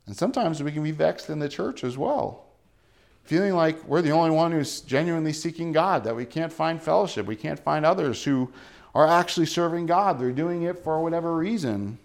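A man preaching a sermon, earnest and dramatic, dropping to a soft low voice to press his points. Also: a little fast, gravelly. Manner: dramatic, acts out quoted voices with rising pitch and volume. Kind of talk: sermon reading and explaining scripture.

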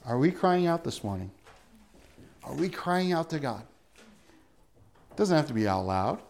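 Male pastor, sermon, earnest, emphatic peaks, slightly higher voice. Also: sing-song, a little slow, vocal fry, darkish tone.

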